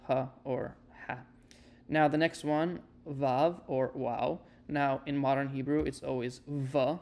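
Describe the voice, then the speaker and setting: A man giving a casual spoken lesson, explaining and demonstrating sounds with relaxed fillers. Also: medium pitch, creaky. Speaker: Hebrew teacher.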